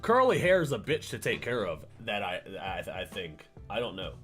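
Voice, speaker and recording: A man's voice: on the low side, sing-song, normal speed, fairly bright tone, soft background music. A man livestreaming and chatting casually with his viewers, rambling, stammering and repeating words, laughing often and getting sidetracked.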